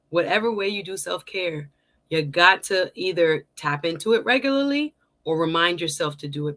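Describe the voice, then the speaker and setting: A middle-aged woman hosting a casual livestream, chatting warmly with viewers, greeting them by name and laughing often. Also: fairly low pitch. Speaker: livestream host.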